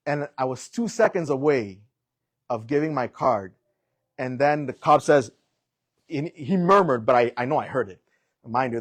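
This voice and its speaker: A young adult man preaching, telling a personal story in an animated way and acting out the voices in it. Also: medium pitch, husky, no room sound. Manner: animated storytelling, acts out quotes.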